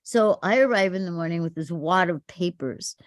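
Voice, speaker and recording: An older actress telling stories in an interview, lively and laughing often as she acts out quotes. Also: on the low side, normal speed, dry recording, clean studio sound. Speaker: actress guest. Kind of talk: storytelling interview.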